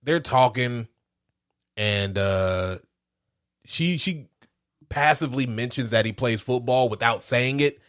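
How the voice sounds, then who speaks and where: A man co-hosting a casual movie review podcast, talking in an animated, profane way and acting out scenes with laughter. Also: mid-range voice, slow pace, pauses often. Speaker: podcast co-host reviewing a film. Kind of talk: casual chat.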